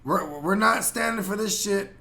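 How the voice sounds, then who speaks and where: High-pitched, gravelly, pushed and bright, this man talks at normal speed as host of a casual podcast. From San Jose, California, he goes on in a rambling, heated, profane way, stumbling over fillers and restarts.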